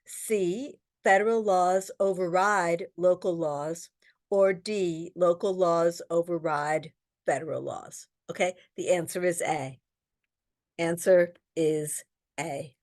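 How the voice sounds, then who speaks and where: A woman's voice: lowish voice, fairly even intonation, slow pace. A woman instructor leading an online exam-prep lesson, reading out test questions and explaining the answers with frequent ums. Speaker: real estate exam instructor.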